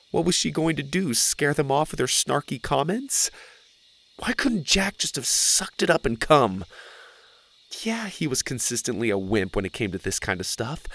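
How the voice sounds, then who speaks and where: Slow, hushed male storyteller. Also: medium pitch. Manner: dramatic, with frequent hushed whispering. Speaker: narrator. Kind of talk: scripted first-person story narration.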